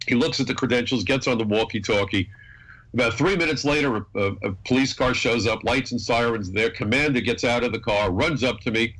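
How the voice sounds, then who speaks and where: An older man from the United States spins an anecdote with animated energy as a radio guest. His voice sits at an ordinary middle pitch. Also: a little fast, slightly rough, rough recording. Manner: animated storyteller. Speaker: guest, former federal agent. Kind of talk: radio talk show anecdote.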